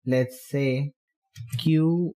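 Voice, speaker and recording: A man explaining programming step by step while typing, in halting phrases. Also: on the high side, steady tone, mellow. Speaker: programming tutor. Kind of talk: screen-recorded coding tutorial.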